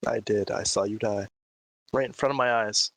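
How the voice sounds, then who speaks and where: A man's voice: fairly low pitch, steady tone, normal speed, creaky, no echo, poor audio. A man playing his character at a tabletop game, talking in a confrontational way. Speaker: player.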